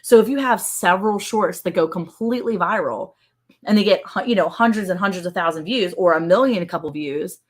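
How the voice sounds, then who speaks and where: A woman hosting a casual livestream from a ranch home, chatty and excited and laughing often. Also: lowish voice, fairly quick. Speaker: livestream host.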